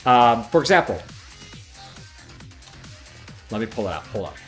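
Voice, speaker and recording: Man from Chicago, livestream host: lively, rambling, curses freely; faint game music underneath. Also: medium pitch, fast. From Chicago, American Midwest. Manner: animated, swears freely, wanders off on tangents. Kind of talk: casual gaming livestream chat.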